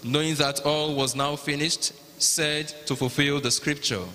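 A man with a Nigerian accent narrating the Passion at a liturgy, in a measured, even reading. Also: on the high side, faint music behind. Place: large cathedral. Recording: long cathedral reverb.

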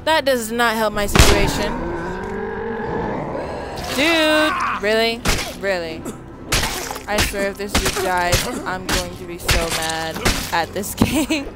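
A woman's voice: mid-range voice, measured pace. A young woman streaming a game, ranting at it in frustration with laughs and sighs. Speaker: gaming streamer. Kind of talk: casual let's play commentary. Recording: game music playing behind. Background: game music.

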